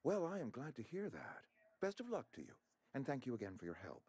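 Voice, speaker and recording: In a video game role, a man plays a pompous middle-aged outpost administrator, fussy, formal and eager to please. His medium-pitched, darkish voice swoops wildly in pitch and moves a little fast.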